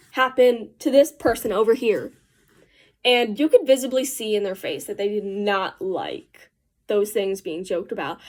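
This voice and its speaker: A teenage girl tells a rambling story in casual vlog style while doing her makeup. She talks in a fairly high voice and drops slangy asides as she goes. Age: teens. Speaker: vlogger.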